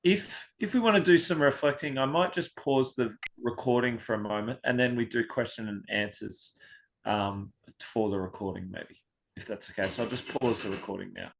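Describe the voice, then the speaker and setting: A man's voice: medium pitch, normal speed, gravelly, a little hiss or hum. A man organising an online session, speaking tentatively and trailing off.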